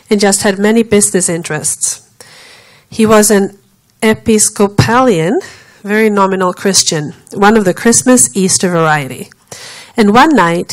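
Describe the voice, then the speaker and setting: A woman preacher telling a long story in a sermon at steady pace, acting out the quoted speech of the people in it. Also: medium pitch, rough recording.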